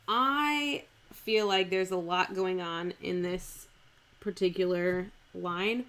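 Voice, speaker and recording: A woman talks through lines of old verse on a live stream, in an unhurried, chatty way. She corrects herself often and reads phrases over and over to try out where the stress falls. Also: fairly low pitch, a bit bright. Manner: chatty, self-correcting, repeats lines aloud to test stress. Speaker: streamer analyzing a Shakespeare speech. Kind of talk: thinking aloud while scanning verse. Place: home streaming setup.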